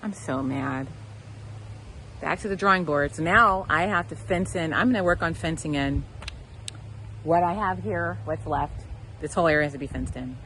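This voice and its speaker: In a rough recording with a little background noise, a Southern American woman speaks at a moderate pace in a lowish, fairly bright voice. It's a casual garden vlog outdoors, where she addresses the critters directly in exasperation and vents her frustration.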